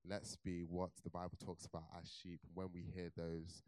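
A young man preaching, telling a personal story in an animated way with laughter and then turning earnest. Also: low-pitched, normal speed, dry recording. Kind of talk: sermon with personal testimony.

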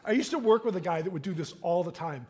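A man's voice: high voice, lively intonation, fast, dark tone. A man preaching a sermon as pastor, in a casual conversational manner, often checking in with "right?". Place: church sanctuary.

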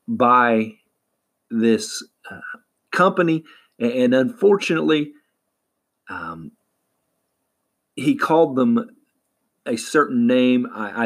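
Guy doing a slow wrestling news recap, lots of uhs and ums, mid pitch. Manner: halting, many fillers and restarts. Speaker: wrestling podcast host. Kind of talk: casual recap commentary.

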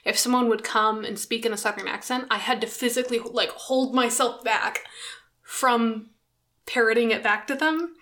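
Play a chatty young woman podcaster, laughing easily, voice a touch high. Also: fairly bright tone. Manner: chatty, giggly, quick asides. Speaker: podcast co-host. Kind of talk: casual chat.

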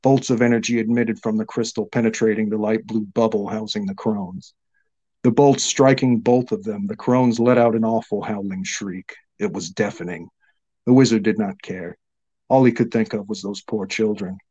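A man narrating a fantasy story in a steady, measured reading. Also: lowish voice, husky, muffled recording.

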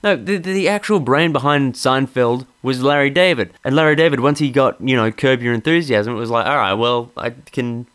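A man's voice: medium pitch, brisk, few pauses, fairly bright tone. A man hosting a podcast, ranting sardonically and profanely in a rambling, casual way. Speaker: podcast host.

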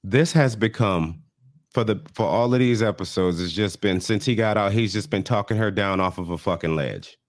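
A man's voice: on the low side, moderate pace, no echo, studio quality. A man co-hosting a podcast, recapping a reality show in profane, exasperated casual banter. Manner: profane, exasperated, animated storyteller. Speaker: podcast co-host.

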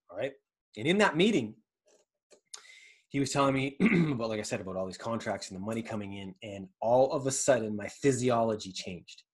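A man hosting his own motivational podcast, talking casually and earnestly, rambling, pausing to search for words, and swearing freely. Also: mid-range voice, darkish tone, breathy edge. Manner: earnest and reflective. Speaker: podcast host. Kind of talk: motivational monologue.

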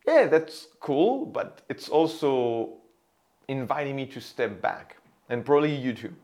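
A man teaching how to place the voice for sales, explaining with a pen example in an animated way. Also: medium pitch, measured pace. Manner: animated, demonstrates loud and whispered voices. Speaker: voice and sales coach. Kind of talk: teaching monologue.

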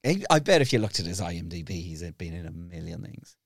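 A man hosts a casual podcast, laughing along and trading easygoing banter with his guest. His voice is low but animated. The recording is dry and close. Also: fast, gravelly, dry recording. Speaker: podcast host.

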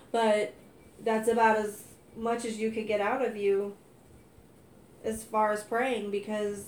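A woman's voice: medium pitch, darkish tone, roomy sound, a little hiss or hum. A woman telling her faith testimony in casual conversation, earnest and emphatic, growing heated as she quotes herself. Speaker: wife sharing testimony.

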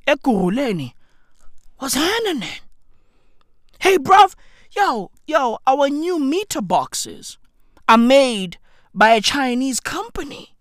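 A South African man delivering a comedic, swearing rant to camera, with frequent shouted outbursts. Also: very high-pitched, no echo, clean studio sound. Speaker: vlogger.

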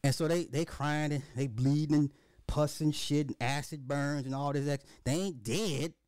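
Casual: crude podcast guy riffing a story, highish voice, very dry sound. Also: normal speed, smooth, no echo. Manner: profane, animated, repetitive storytelling. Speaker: podcast host. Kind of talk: dark comedic monologue.

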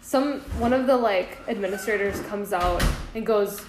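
A woman's voice: medium pitch, normal speed. Young woman telling stories in an echoey room. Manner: candid storytelling, swears freely. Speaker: podcast co-host. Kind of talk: casual chat. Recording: echoey room, faint noise.

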